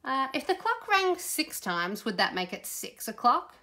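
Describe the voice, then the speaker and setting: A woman's voice: sits high, big pitch swings, unhurried, sharp tone, voice pushed up, full character voice. A woman voicing a curious little boy pony in a storybook, who asks questions in a hesitant, wondering way.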